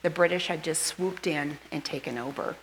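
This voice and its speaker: Woman pastor, casual and chatty sermon, lower voice, faint room noise. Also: rough recording. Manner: chatty, asks the congregation questions; rushes through a list, skipping items. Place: church sanctuary.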